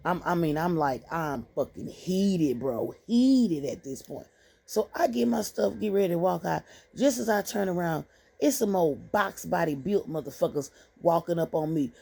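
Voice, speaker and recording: A woman telling a casual storytime anecdote in a profane, animated, slangy way. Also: on the low side, normal speed, creaky, slightly rough.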